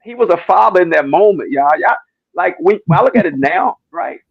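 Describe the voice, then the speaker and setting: Man, fairly high gravelly voice, tearful church testimony, repeats himself, dull muffled stream audio. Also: animated, brisk, dry recording. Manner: repetitive, stammering, keeps asking "you know what I'm saying". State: near tears. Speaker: speaker in a church discussion. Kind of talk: emotional testimony.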